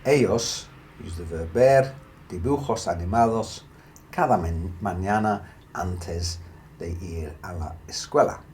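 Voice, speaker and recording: Slow, deep-voiced male language teacher. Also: darkish tone, a little hiss or hum. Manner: slow, careful explanations with Spanish examples. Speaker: Spanish teacher. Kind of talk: grammar lesson.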